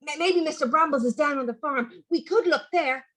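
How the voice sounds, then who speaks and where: A woman voicing a cheeky, daring young boy in a children's storybook who speaks eagerly and excitably. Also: sits high, normal speed, pitched above the performer's own voice.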